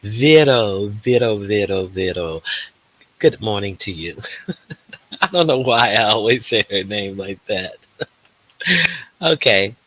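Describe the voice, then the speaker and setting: A man's voice: lowish voice, animated, slow pace, long pauses, bright, forceful tone, a little hiss or hum. A man hosting a casual livestream, greeting viewers by name and chatting with lots of fillers. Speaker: livestream host.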